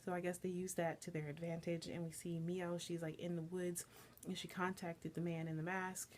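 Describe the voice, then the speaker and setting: Chatty, low-voiced woman recapping an episode. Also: level tone, moderate pace, darkish tone, a little hiss or hum. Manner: enthusiastic, chatty, filler-heavy. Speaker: anime reviewer.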